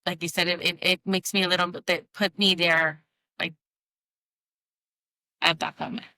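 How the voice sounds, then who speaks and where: A woman in her thirties talks through a podcast chat in a halting way, restarting her sentences. Her voice sits a little low yet sounds bright and smooth, recorded dry and close. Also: flat delivery, no room sound, poor audio. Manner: halting, many restarts and fillers. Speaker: podcast co-host. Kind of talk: casual heartfelt conversation.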